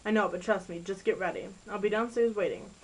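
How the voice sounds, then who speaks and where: A woman voicing a bossy, loyal teenage best friend, read in a brisk manner. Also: mid-range voice, steady tone, a little hiss or hum, natural voice, poor audio.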